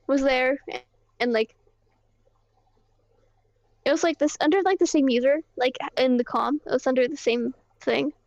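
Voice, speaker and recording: A woman voicing a high-pitched young roleplay character who rambles through her story, halting and swearing. Her voice sits dry and close, with a slightly dull, lo-fi tone. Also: vocal fry, dry recording. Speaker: roleplay character recounting events. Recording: dull lo-fi mic.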